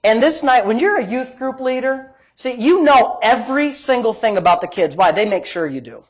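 A middle-aged man preaching, a pastor telling a healing story in an animated way, swinging between loud and soft and laughing as he talks. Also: very high-pitched, moderate pace, husky. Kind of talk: sermon storytelling.

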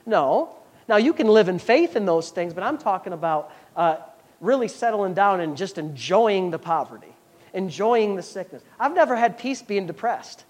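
A pastor preaching a sermon, reading scripture slowly and then explaining it with rhetorical questions and emphatic rising bursts. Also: expressive. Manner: preaching with rhetorical questions and call-outs to the congregation; rises to emphatic high bursts when stressing points.

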